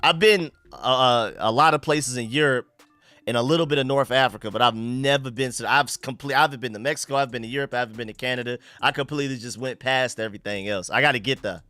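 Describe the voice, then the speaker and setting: A young man from the United States hosting a live stream, chatting casually and shouting out viewers and donations. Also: mid-range voice, fast, no echo, faint music behind. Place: home room.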